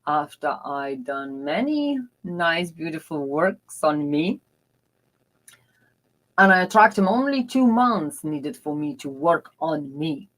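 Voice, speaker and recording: A woman's voice: deep voice, big pitch swings, slow pace, rough recording. A woman dating mentor telling personal stories in earnest, confiding non-native English with broken grammar. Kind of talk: motivational personal storytelling.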